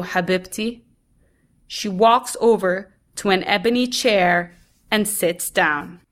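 A woman reading a first-person story aloud in a measured, deliberate way. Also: medium pitch, a bit bright.

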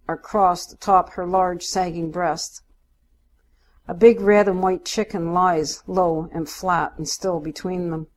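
A woman narrating a first-person story in a steady, unhurried way. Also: lowish voice.

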